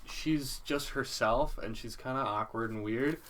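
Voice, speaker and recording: A man's voice: mid-range voice, a little slow, fairly bright tone. A male podcast co-host in casual chat, blunt and opinionated but easygoing. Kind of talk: casual chat recapping a reality show.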